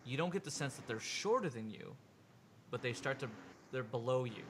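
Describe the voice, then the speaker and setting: A man narrating as game master of a tabletop role-playing game, animated and jumping into quick voices for the people in the scene. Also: medium pitch, slight background noise.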